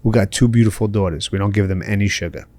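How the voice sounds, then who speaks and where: This middle-aged Bronx native speaks quickly in a fairly low, steady, darkish voice, with no echo on the audio. He's a podcast guest in a casual interview chat, talking candidly, laughing frequently and leaning on "you know." He hails from the Bronx, New York.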